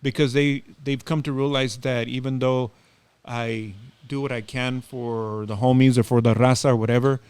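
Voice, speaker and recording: A man's voice: medium pitch, moderate pace, hardly any pauses, clear, resonant tone, no echo. A middle-aged man, a community activist, telling stories as a podcast guest in loose casual talk, acting out dialogue between fillers. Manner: animated, acts out quoted dialogue, loose with fillers. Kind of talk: casual storytelling.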